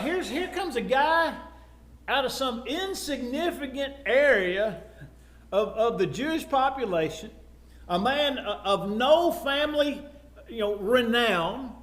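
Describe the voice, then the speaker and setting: A man's voice: very high voice, a bit bright. A man with a Texan accent preaching in a conversational Bible class style, with frequent fillers and asides. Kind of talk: sermon, Bible class teaching.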